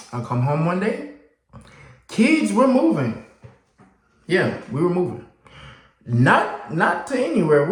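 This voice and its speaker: This is a man in a reverberant room, telling the camera about his life in a relaxed way. He performs the story with energy, jumping to a high voice to portray himself as a youth.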